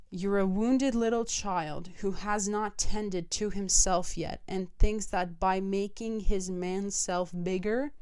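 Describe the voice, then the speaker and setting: A young woman hosts her own podcast in a frank, emphatic monologue. She swears casually as she talks. Her voice is smooth and clear, in a middle register. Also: medium pitch, darkish tone. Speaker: podcast host. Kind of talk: personal monologue.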